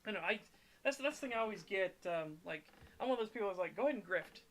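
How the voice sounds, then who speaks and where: A man co-hosting a casual podcast chat, animated and swearing, reading chat messages aloud. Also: high-pitched, fast, a little hiss or hum. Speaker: podcast co-host reading super chats.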